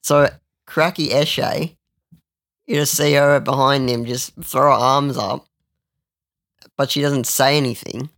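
Gravelly young man telling stories. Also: medium pitch, fairly even intonation, takes it slowly, pauses often, fairly bright tone, no room sound. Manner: rambling, crude, with lots of restarts. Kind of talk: casual storytelling chat.

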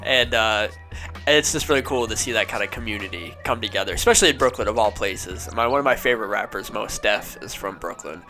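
A man's voice: fairly low pitch, fairly quick, bright, forceful tone, faint music behind. A young man from Ohio, a podcast guest, telling stories in a laid-back, casual way and saying "dude" and "man" a lot. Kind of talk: casual chat.

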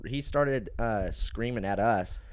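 A man's voice: on the low side, slow, no echo, clean studio sound. A man on a podcast telling a story casually, swearing a lot and laughing often. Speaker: podcast co-host.

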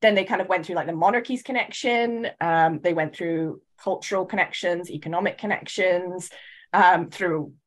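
A woman from the UK co-hosting a podcast, talking in a thoughtful, measured way with frequent hedges and restarts. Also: lowish voice. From United Kingdom. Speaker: podcast co-host. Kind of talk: casual chat.

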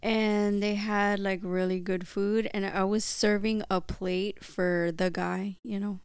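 A woman's voice: mid-range voice, little pitch movement, takes it slowly, clear, resonant tone, no echo, studio quality. A woman co-hosting a podcast, blunt and laughing, swearing as she tells her stories. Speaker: podcast co-host. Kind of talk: casual chat.

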